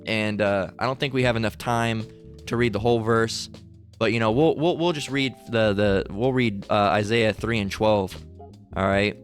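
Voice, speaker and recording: A man's voice: fairly low pitch, moderate pace, soft background music. A man preaching heatedly, stumbling and restarting often as he builds to fiery peaks. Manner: fiery, repetitive, with many restarts.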